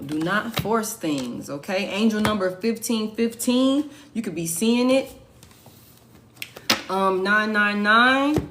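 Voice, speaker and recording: A woman's voice: mid-range voice, background noise. A woman doing a casual tarot reading for viewers, blunt and profane, repeating her points for emphasis. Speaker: tarot reader.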